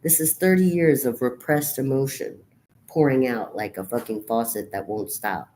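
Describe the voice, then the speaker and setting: A middle-aged woman speaks to her camera in a notably low, heavy voice. She vents in a raw, profanity-laced monologue. Her volume swings between quiet brooding and loud outbursts. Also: normal speed, slight background noise. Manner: raw, profane, venting rant. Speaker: vlogger.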